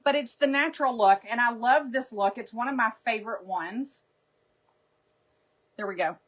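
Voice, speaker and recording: A woman's voice: on the high side, moderate pace, a bit bright. A woman hosting a live makeup stream, chatting casually and rambling through stories with frequent laughter. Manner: rambling, chatty storyteller who laughs often.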